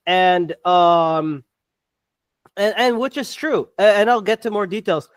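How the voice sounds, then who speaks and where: A podcast co-host delivering a heated sports rant, swearing and tripping over restarts while talking fast. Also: mid-range voice, animated, no echo.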